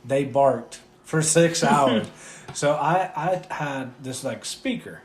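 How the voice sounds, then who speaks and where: A man talks in a relaxed, rambling way on a podcast, swearing often. His voice rings in an echoey room with a faint hum of ambience behind it. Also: medium pitch, slow. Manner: profane, rambling. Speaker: podcast co-host. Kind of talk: casual chat. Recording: roomy echo, faint background hum.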